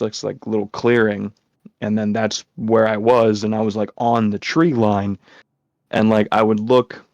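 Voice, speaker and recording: A gravelly, fairly low-pitched man with a slightly mellow tone hosts a podcast, casually telling a rambling story laced with profanity and fillers. There's no room sound, and the recording is dull and lo-fi.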